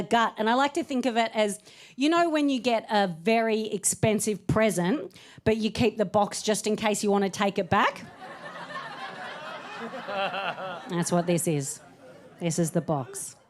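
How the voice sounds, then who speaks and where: A woman in her thirties doing a stand-up set on a comedy club stage, chatty and self-mocking, laughing through her punchlines. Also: mid-range voice.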